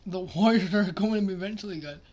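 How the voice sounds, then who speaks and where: Excitable streamer man reacting. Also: high-pitched, fast, highs cut off. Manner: excitable, swings from mumbled asides to loud outbursts. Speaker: simulation gaming streamer. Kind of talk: casual reactive commentary.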